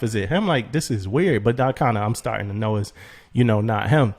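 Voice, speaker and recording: A man co-hosting a podcast, telling a story in a loose, animated way, acting out text messages and laughing often. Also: lowish voice, fairly quick. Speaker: podcast co-host. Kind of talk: casual podcast chat.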